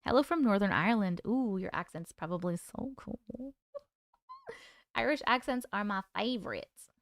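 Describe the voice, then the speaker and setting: A woman's voice: medium pitch, animated, a little slow, no echo, studio quality. A woman hosting a casual livestream, reading out viewer comments and greeting people by name in a chatty, affectionate way. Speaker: livestream host.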